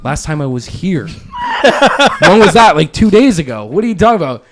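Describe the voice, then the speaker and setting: A man's voice: on the high side, big pitch swings, fast, faint music behind. A laid-back man in casual podcast chat, swearing as he tells a story.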